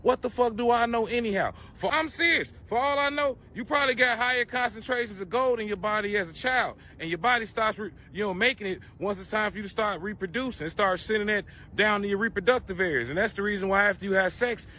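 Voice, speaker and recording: A man's voice: high voice, quick pace, few pauses, pushed and bright. A man delivering a profane conspiracy rant to camera, preachy and crude, firing off rhetorical questions.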